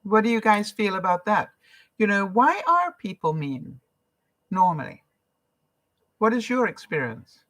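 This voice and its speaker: A woman's voice: medium pitch, sing-song, measured pace, pauses often, fairly bright tone. An older woman from Canada, a vlogger chatting casually on a live stream, reading out viewer comments and encouraging them between laughs.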